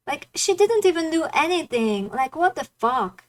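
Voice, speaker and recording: A woman streamer chatting over her game with blunt, indignant commentary and frequent swearing. Her voice sits a little on the high side. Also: very animated, normal speed, gravelly, few pauses, low-quality recording. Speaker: streamer playing a dating sim. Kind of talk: casual gaming commentary.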